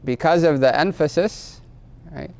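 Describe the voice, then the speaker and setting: A man's voice: a little high, unhurried, vocal fry, darkish tone. A man teaching a class on religious law, explaining patiently, quizzing his students and ending phrases with a questioning "right?". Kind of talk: classroom lecture.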